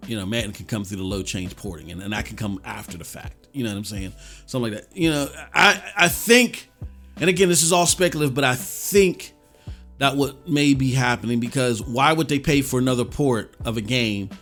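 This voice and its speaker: A man co-hosting a casual podcast chat, telling stories with lots of animation and swinging between loud bursts and quiet asides. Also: medium pitch, brisk, faint music behind. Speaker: podcast co-host.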